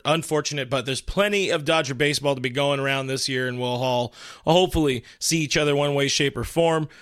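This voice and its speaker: A man's voice: fairly high pitch, pushed and bright, dry recording, clean studio sound. A man hosting a casual live stream, reading chat comments aloud and rambling through them with frequent restarts. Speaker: livestream host.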